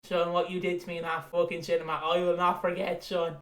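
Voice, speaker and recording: A man's voice: high-pitched, monotone, fairly quick. A man imitating his blunt, swearing middle-aged Irish father in a roomy room. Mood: gruff.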